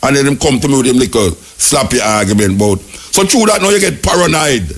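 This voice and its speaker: A man's voice: mid-range voice, expressive, brisk. A man speaking with a Jamaican accent, hosting a radio call-in show and telling rambling stories in patois. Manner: rambling patois storytelling with acted quotes. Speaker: radio talk show host. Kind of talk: casual storytelling and call-in chat.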